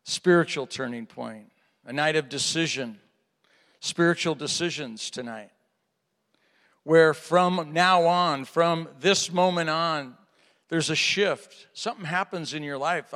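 A middle-aged man preaching a sermon as pastor, telling personal stories with animated delivery and acting out the dialogue. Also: a little high, moderate pace. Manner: animated storytelling, acts out dialogue. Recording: long hall reverb.

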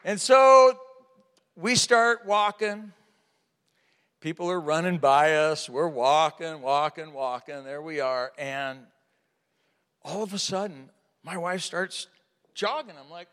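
A middle-aged man preaching a sermon as pastor, telling personal stories with animated delivery and acting out the dialogue. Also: sits high, slow pace, long pauses. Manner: animated storytelling, acts out dialogue. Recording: long hall reverb.

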